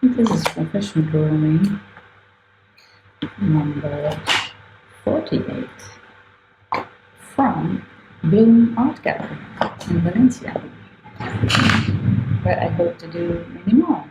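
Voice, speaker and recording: A woman with a lowish, expressive voice talks slowly with long pauses while she draws, live-streaming from an art gallery. She chats casually, thinks aloud, corrects herself and laughs often. The room is echoey with faint ambient noise.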